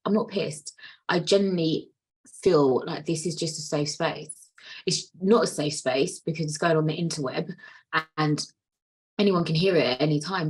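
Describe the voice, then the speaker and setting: A woman's voice: lowish voice, breathy edge, poor audio. A woman in her late twenties hosting a solo podcast, chatting candidly and rambling, swearing freely. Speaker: podcast host. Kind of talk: casual solo podcast chat.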